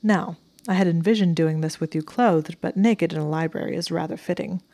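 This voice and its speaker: A woman voicing a smug but devoted young male wizard, speaking his lines dryly and earnestly in her own low voice. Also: brisk, dark tone, no echo.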